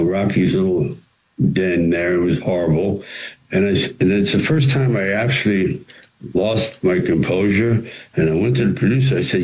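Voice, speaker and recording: An older man, an actor and writer, answering interview questions with animated stories and acted-out quotes. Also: low-pitched, low-quality recording. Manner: animated storyteller who acts out quoted lines.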